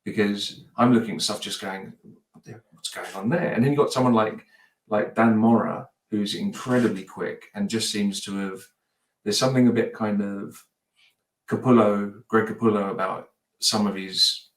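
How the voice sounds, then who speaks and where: A man's voice: on the low side, fairly even intonation, moderate pace. A man chatting casually as a podcast guest, rambling and hesitant, with many restarts. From United Kingdom. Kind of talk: casual chat. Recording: roomy, distant mic.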